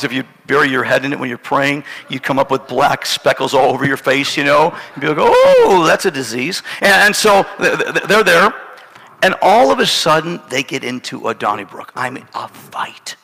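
Middle-aged male pastor, lively self-mocking storyteller, gravelly edge, echoing sanctuary. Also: fairly high pitch. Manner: animated, self-mocking, laughs through the story. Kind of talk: storytelling sermon. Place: church sanctuary. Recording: church hall with long reverb.

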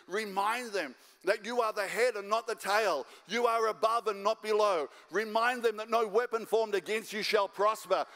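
A man's voice: high-pitched, a bit bright, long reverb tail. An Australian man preaching a sermon as a guest pastor, fired up and driving home his points over and over. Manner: fired-up, repetitive exhortation. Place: church auditorium.

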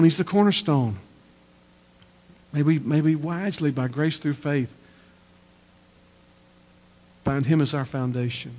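A man's voice: on the high side, slow pace, pauses often, a little mellow. A man preaching a sermon as pastor, emphatic and repeating his phrases for effect. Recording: church hall reverb.

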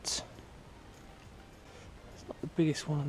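A man with a fairly high voice narrates a dawn catch very slowly through a head-mounted camera. He talks outdoors in a low-key way, with faint noise behind him. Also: steady tone, dark tone. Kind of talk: quiet head-cam narration.

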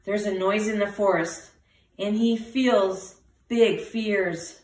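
A woman teacher reading a picture book aloud to children, with lively voices for the animals. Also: medium pitch, slow pace, recorded from a distance. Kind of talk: storybook read-aloud for children. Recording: roomy, from the mic.

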